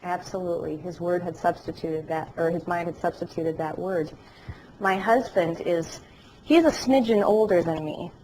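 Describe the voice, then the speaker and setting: A woman teaching a class as an educator, telling animated stories with jokes along the way. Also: lowish voice, moderate pace, noisy background. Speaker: dementia care educator. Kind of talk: lecture to a class, also telecast. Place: classroom or lecture hall.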